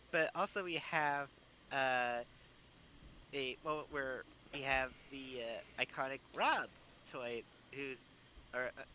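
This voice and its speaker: A man co-hosting a casual podcast chat, rambling and excitable, swearing casually. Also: medium pitch, slow pace, long pauses, a little hiss or hum. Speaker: podcast co-host.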